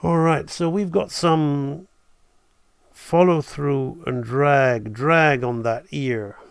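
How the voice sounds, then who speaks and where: A man's voice: fairly high pitch, fairly even intonation, slow, vocal fry, smooth, dry recording. A man teaching animation on a live stream, enthusiastic and thinking aloud as he draws. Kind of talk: live-streamed drawing tutorial.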